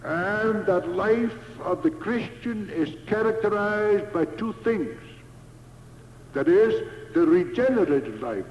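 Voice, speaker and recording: Male preacher, high voice, deliberate sermon delivery, dull lo-fi sound. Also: a little mellow, slight background noise. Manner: slow, emphatic, repeats key phrases. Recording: echoey hall, dull lo-fi sound.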